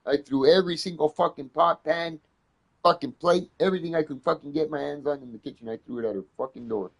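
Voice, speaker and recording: A man telling a heated story in casual conversation, swearing constantly and getting loud when he retells arguments. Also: a little high, fast, gravelly, husky, lo-fi sound.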